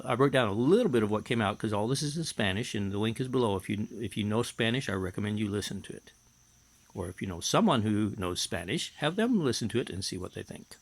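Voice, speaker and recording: A middle-aged man, a hypnotherapist, telling a personal story in a casual, matter-of-fact way while reading and translating from his notes. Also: on the low side.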